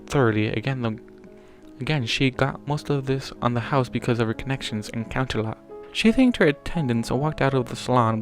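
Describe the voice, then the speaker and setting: A man reading a fan story aloud, plainly, with small slips that he corrects as he goes. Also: mid-range voice. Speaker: fanfiction reader. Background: faint music.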